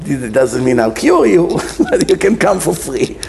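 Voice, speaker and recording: Lively, animated rabbi telling jokes. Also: male voice, on the high side, unhurried, vocal fry, slight background noise. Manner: animated storyteller acting out characters in quotes. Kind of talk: humorous sermon with jokes.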